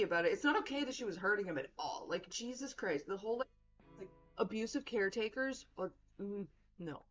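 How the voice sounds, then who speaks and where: A woman streaming a game, reacting with blunt, profane and animated commentary. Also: fairly high pitch, brisk, lo-fi sound, soft background music. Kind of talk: let's play commentary.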